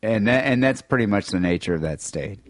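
A man's voice: fairly low pitch, expressive, brisk, no room sound. A man with a nasal voice hosting a casual podcast, chatting and reading listener emails aloud. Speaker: podcast host.

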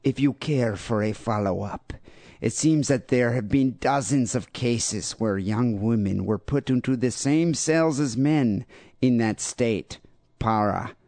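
A man voicing a male listener reading an email in a deliberately bad, put-on Brazilian accent. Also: mid-range voice, a little mellow, dry recording, natural voice. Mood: mock-earnest.

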